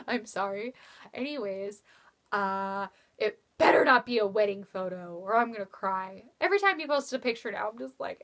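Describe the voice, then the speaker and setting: A young woman telling a rambling story in a casual vlog, swearing freely and acting out quotes with sudden jumps in pitch. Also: animated, normal speed, fairly bright tone. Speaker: vlogger.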